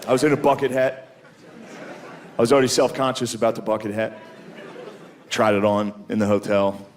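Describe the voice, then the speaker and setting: A man's voice: lowish voice, flat delivery, normal speed, some chatter behind, slight background noise. A man in his thirties doing a stand-up comedy routine on a club stage, talking loosely, swearing a lot and mocking himself. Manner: casual, swearing, self-deprecating, drops into silly voices. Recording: live club recording, loud audience laughter. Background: audience laughter.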